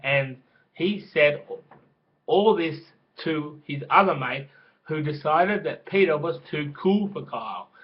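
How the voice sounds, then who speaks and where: Man, storyteller, crude rambling delivery, slow, dull lo-fi recording. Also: a little high, lively intonation. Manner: crude, rambling, with swearing and restarts. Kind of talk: casual spoken storytelling.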